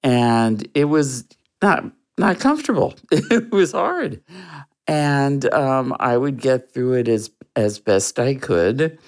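An interview guest recounts a personal story in an earnest, reflective way. The telling is slow and unhurried, with soft laughs along the way, at a middle pitch. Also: sing-song.

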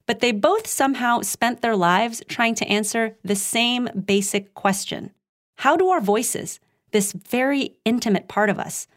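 A woman co-hosting a podcast, reading narration and bantering with her co-host. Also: fairly high pitch.

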